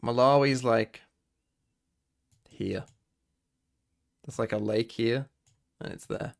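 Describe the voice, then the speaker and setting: A man's voice: mid-range voice, steady tone, slow pace, vocal fry. A young British man streaming, swearing casually as he guesses quiz answers and talks to his chat. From Britain. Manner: swearing, quizzing himself aloud and talking to chat.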